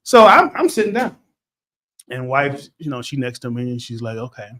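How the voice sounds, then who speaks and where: A middle-aged man co-hosting a podcast, telling a story in a casual, animated way that turns loud as he retells it. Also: medium pitch, moderate pace. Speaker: podcast co-host.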